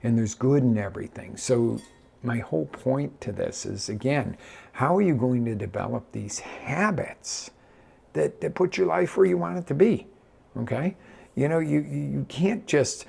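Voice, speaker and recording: Very gravelly, husky-voiced male life coach. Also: mid-range voice, measured pace. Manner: energetic coaching, direct address with many restarts. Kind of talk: live motivational talk.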